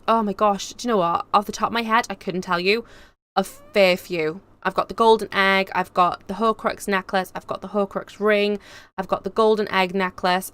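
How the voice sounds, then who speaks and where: A woman's voice: mid-range voice, a bit bright, clear, resonant tone, no echo. A young woman with a Cardiff Welsh accent, chatting casually and reading out comments on a live stream. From Wales. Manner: chatty, rambling, laughs often. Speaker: YouTube host reading live chat.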